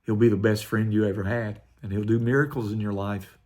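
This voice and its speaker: An older man, a pastor, telling his personal testimony in an earnest, quietly emotional way. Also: lowish voice, flat delivery, a little fast.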